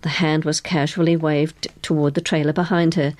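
A woman narrating an audiobook with an expressive storytelling manner. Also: low-pitched, moderate pace, no room sound.

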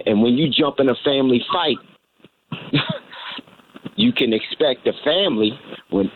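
A man calling in to a radio show, hesitant and searching for his words. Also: mid-range voice. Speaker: caller. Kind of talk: call-in radio question. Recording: tinny phone line with faint hiss.

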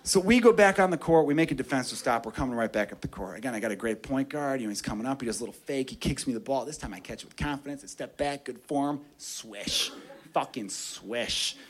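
A man's voice: medium pitch, expressive, a little fast. A man telling a story in stand-up, profane and self-mocking. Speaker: stand-up comedian.

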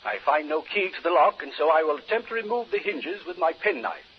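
An actor playing a formal doctor reporting on a ghost investigation, speaking in stiff, measured phrases in an old radio drama. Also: male voice, a little high, animated, breathy edge, lo-fi sound. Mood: earnest. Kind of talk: 1940s radio drama acting.

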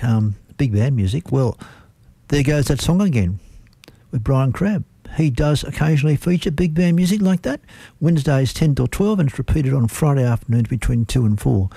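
A man's voice: medium pitch, vocal fry, warm tone, slightly rough, no echo. A man with an Australian accent presenting a community radio show in a chatty, rambling way.

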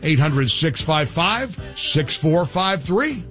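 A talk radio host with a slightly high voice takes it slowly over soft background music in a radio studio. His monologue is heated, opinionated, and animated, broken up by many stumbling restarts.

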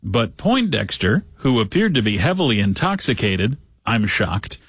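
A man's voice: lowish voice, sing-song, unhurried, a bit bright, husky, dry recording. Wisecracking male talk host, dry sound. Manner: sarcastic, wisecracking asides. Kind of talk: comedic news commentary.

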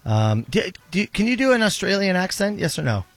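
A man co-hosting a radio show, playfully quizzing his co-hosts and chatting with lively energy. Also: high-pitched, brisk, no room sound, faint music behind. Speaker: radio co-host. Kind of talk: casual radio banter.

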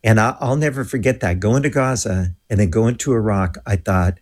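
Husky-voiced man telling a vivid story. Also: on the low side, moderate pace. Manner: animated storyteller who acts out quoted voices. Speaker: guest. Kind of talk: storytelling in an interview.

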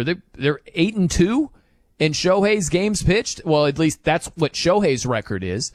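A man hosting a sports talk show, ranting in an animated, incredulous way with frequent laughs. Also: a little high, a little slow, dry recording, studio quality.

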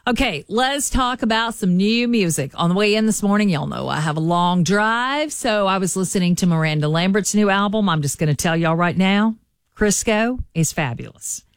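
A woman's voice: mid-range voice, animated, normal speed, clear, resonant tone, no echo, studio quality. A woman hosting a morning radio show, chatty and folksy. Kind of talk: morning radio entertainment chat.

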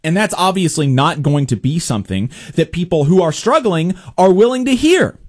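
High, lively-voiced male political commentator. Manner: halting, many fillers and restarts, laughs wryly.

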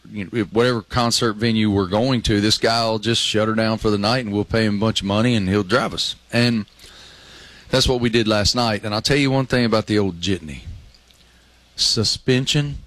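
A man's voice: on the low side, fairly bright tone, no room sound. A man co-hosting a radio show, telling wry anecdotes in casual chat.

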